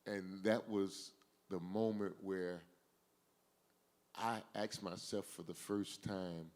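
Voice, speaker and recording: A man's voice: low-pitched, fairly even intonation, slow pace, pauses often, darkish tone. A man hosting a talk, earnestly telling a personal story in a reflective way.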